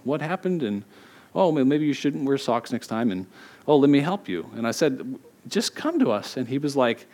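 A middle-aged man preaches in a relaxed, conversational way. He tells stories with animated quoted voices and frequent laughs, then drops into quieter reflective reading of scripture. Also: medium pitch. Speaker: pastor. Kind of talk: sermon.

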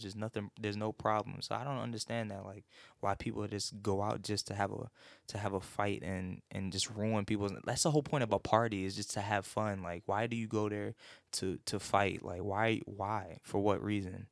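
A man's voice: lowish voice, little pitch movement, normal speed, gravelly, no room sound, clean studio sound. A man hosting a show, ranting casually with heavy swearing and rambling restarts. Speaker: host. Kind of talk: casual profane rant.

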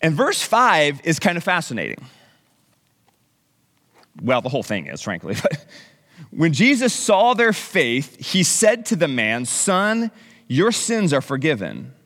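Animated male pastor in a reverberant hall. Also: on the high side, unhurried, long pauses. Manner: animated, conversational preaching with asides. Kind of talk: sermon.

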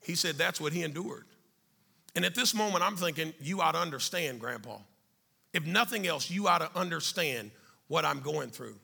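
A middle-aged man telling a life story to an audience, animated and then dropping quiet and serious. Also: fairly high pitch, normal speed, gravelly, husky. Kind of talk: storytelling talk.

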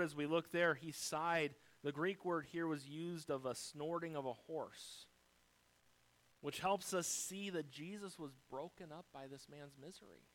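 A man's voice: fairly high pitch, poor audio. An American pastor delivering a sermon to his congregation, moving through numbered points and speaking directly to his listeners. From United States. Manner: dynamic preaching, rising loud then dropping soft.

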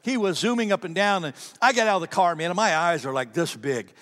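A man preaching, telling a personal story in an animated way, often repeating words and speaking straight to his audience. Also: high-pitched, quick pace. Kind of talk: sermon storytelling. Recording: reverberant hall.

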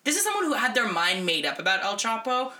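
Animated sarcastic woman podcast host. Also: a little high, fast. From Northern California. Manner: sarcastic, animated, acts out quotes. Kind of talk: casual chat.

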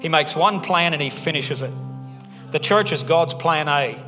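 Bright-voiced pastor in a reverberant hall. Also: male voice, a little high, normal speed. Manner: conversational, joking asides, earnest. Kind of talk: sermon. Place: church hall. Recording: long hall reverb, faint music.

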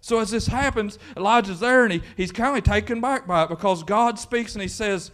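A man's voice: high-pitched, fairly quick, hardly any pauses, a bit bright. A man preaching a folksy sermon in church, acting out the voices from the Bible story. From Kentucky. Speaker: pastor.

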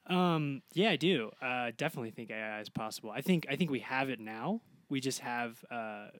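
A man's voice: medium pitch, animated, brisk, a bit bright, no echo. A man co-hosting a book podcast, musing aloud with many fillers and restarts. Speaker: podcast co-host. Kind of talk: casual book-club chat.

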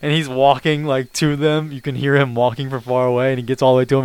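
A man's voice: medium pitch, flat delivery, quick pace, hardly any pauses, darkish tone, smooth, no room sound. A man co-hosting a casual podcast, easygoing and laughing as he tells stories. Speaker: podcast co-host. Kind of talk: casual sports and food chat.

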